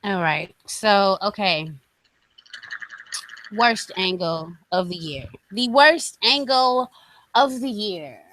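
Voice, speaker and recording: Animated, profane woman ranting on a podcast. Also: mid-range voice, slow pace, long pauses, no echo, rough recording. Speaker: podcast co-host. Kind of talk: casual wrestling podcast chat.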